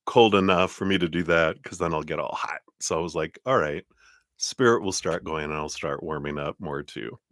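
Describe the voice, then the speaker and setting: A man with a very low voice gives a casual live tarot reading. He sounds chatty and reassuring and laughs often. The sound is close and dry. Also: a bit bright, no room sound. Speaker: tarot reader hosting a live stream.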